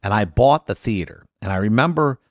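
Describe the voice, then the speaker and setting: Male guest, lively storyteller, jumps into loud character quotes, dry close mic. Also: fairly low pitch, a little fast, no echo. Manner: animated, acts out quotes in loud voices. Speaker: lawyer and guest. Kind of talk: casual storytelling chat.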